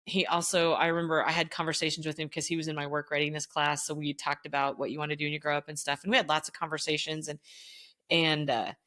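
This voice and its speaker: A middle-aged woman and former teacher telling stories in a casual interview, animated and acting out the voices of the people she quotes. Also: low-pitched, fast talker. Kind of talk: storytelling in casual conversation.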